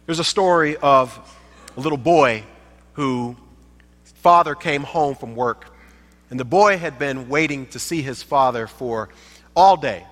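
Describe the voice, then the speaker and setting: A man's voice: mid-range voice, a little slow, long pauses, fairly bright tone. A man giving a sermon as a guest preacher, emphatic, repeating phrases for effect. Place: church sanctuary. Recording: reverberant church sanctuary.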